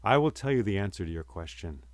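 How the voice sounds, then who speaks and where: A male storyteller gives voice to an immortal old man who outlived the great flood. He speaks low and solemnly, in a slow storytelling cadence. The sound is dry and close. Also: expressive, no room sound.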